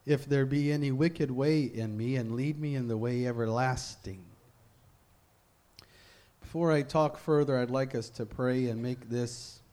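Slow-speaking man preaching a sermon. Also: mid-range voice, mellow. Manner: slow, deliberate scripture reading and rising fervent prayer.

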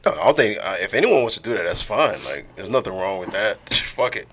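A man's voice: lowish voice, sing-song, brisk, a bit bright, slight background noise. A man co-hosting a podcast, laughing and crude in casual chat. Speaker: podcast co-host.

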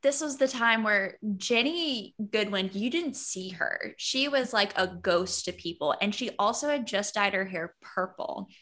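Brisk, enthusiastic woman host. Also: medium pitch, lively intonation, a bit bright. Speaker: host and narrator of a fan video. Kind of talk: casual narration.

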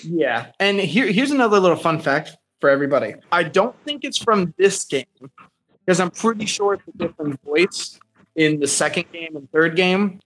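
Enthusiastic young man, higher-pitched voice. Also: lively intonation, normal speed, fairly bright tone, rough recording. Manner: enthusiastic, rambling with fillers. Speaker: podcast co-host. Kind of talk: casual chat.

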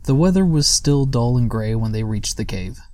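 A man narrating a children's storybook aloud in a steady, gentle manner. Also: mid-range voice, moderate pace, dry recording.

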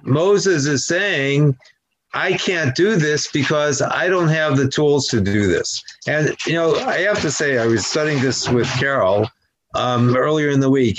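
A reflective man discusses a scripture passage with a study group. He thinks aloud calmly and slips in wry asides. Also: medium pitch, rough recording.

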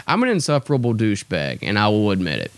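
A man's voice: on the low side, huge pitch swings, fast talker, no room sound. A young man hosting a podcast, a stand-up comic ranting in a profane, exasperated, self-deprecating way. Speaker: stand-up comedian and podcast host. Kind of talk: ranting casual monologue.

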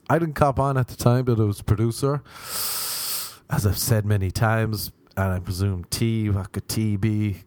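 A man telling a comic story in a casual way, often switching into high-pitched voices when he quotes other people. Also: steady tone, normal speed, a little mellow, dry recording.

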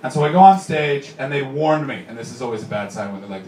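A man from Canada performing a stand-up comedy set, telling a story and acting out the people in it with sudden shouted lines. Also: medium pitch, lively intonation, fast talker, a little hiss or hum. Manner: storytelling, acts out characters with shouted bits. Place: comedy club stage with audience. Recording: roomy live club sound from far off.

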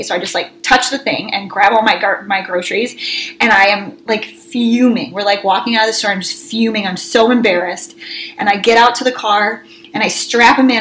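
A woman co-hosting a casual chat, telling animated stories and acting out her own yelling. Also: mid-range voice, a little hiss or hum, rough recording. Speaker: co-host.

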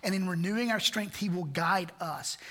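A man preaches a sermon in a high, bright voice, earnest and full of rhetorical questions. The sound rings with the long reverb of a church sanctuary. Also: moderate pace. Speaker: pastor.

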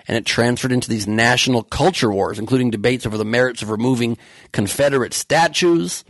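Man, podcast host, sarcastic comedic rant, profane, gravelly fry, dry close sound. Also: medium pitch, no echo.

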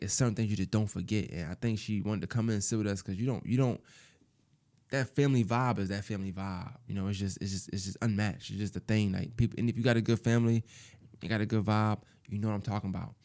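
Subdued low-voiced man musing aloud. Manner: halting, repeats words, fills with "you know"; soft-spoken and subdued. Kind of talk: personal reflective monologue.

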